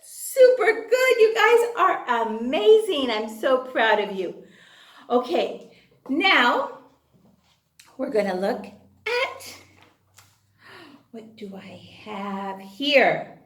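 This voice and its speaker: A woman's voice: high voice, sing-song, drawn-out words, long pauses, reverberant. A woman teaching a children's phonics lesson in an exaggerated, cheerful, sing-song way, with gasps of delight.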